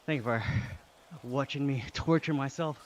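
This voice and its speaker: Man, australian accent, live-stream chat, mid pitch, faint background noise. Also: normal speed, dull audio. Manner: reads chat aloud and thanks viewers, breathy from exertion. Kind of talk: casual live-stream chat while cycling.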